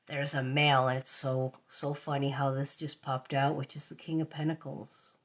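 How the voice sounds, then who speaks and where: A woman with a husky, slightly breathy voice reads tarot cards on a live stream. She circles back over her phrases, and at times her voice sinks to a hushed whisper. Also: a bass voice, level tone, normal speed. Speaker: tarot reader.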